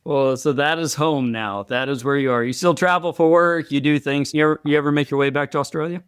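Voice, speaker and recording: A man's voice: on the high side, fairly even intonation, brisk, smooth, no room sound, studio quality. A man hosting a podcast interview, chatty and friendly, often repeating words as he talks. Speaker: podcast host.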